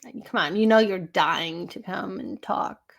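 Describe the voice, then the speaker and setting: A woman's voice: medium pitch, slow, creaky. A woman hosting a casual live stream, rambling, laughing often and chatting with her viewers.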